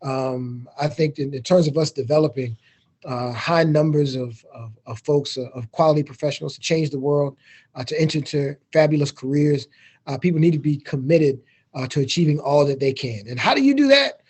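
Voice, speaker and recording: A man's voice: fairly high pitch, steady tone, moderate pace, dark tone, husky. A middle-aged man from Chicago, a university president giving a casual keynote over a video call with informal, joking asides. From Chicago, Illinois. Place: remote, speaking over a video meeting.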